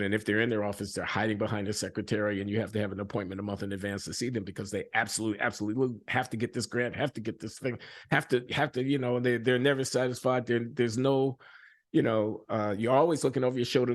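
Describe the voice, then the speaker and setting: An older man speaking as an interviewee in a reflective conversation, pausing and restarting often and growing animated when he tells a story. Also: on the low side. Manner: halting, with many restarts and fillers, animated when retelling stories. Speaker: interviewed economist.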